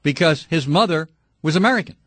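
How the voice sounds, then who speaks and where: A middle-aged man hosting a call-in radio talk show, talking fervently and breaking into shouting rants. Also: on the high side, animated, brisk, no room sound. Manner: impassioned, ranting, shouting at times.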